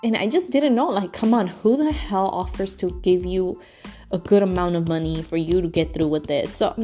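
A woman's voice: on the low side, moderate pace, dark tone, faint music behind. Emotional woman telling her story, swearing freely. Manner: emotional, frank, swears freely, lots of fillers. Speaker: podcast host telling her own story. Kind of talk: casual personal storytelling.

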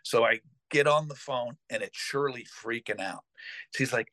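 A man's voice: mid-range voice, normal speed, no echo. A middle-aged man hosting a podcast, telling a family story casually, rambling with fillers and restarts. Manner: rambling, full of fillers and restarts, animated retelling. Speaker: podcast host.

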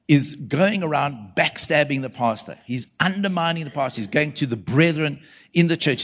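A man preaching at a church conference in a conversational sermon style, telling stories animatedly and calling out to the congregation. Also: on the high side. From South Africa. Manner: animated storytelling, calls out to the congregation, voices quoted people.

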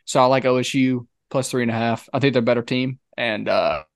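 A young man chats on a podcast in a relaxed, halting way, often pausing on filler sounds. His voice sits in a middle pitch. The sound is dry and close, with no room echo. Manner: laid-back, halting with many uhs. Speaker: podcast co-host. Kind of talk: casual chat.

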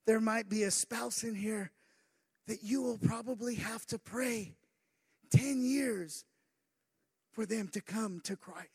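A man preaching as pastor, moving from quiet asides to shouted, sing-song delivery with many "uh" fillers. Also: very high-pitched, gravelly, slightly rough. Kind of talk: sermon.

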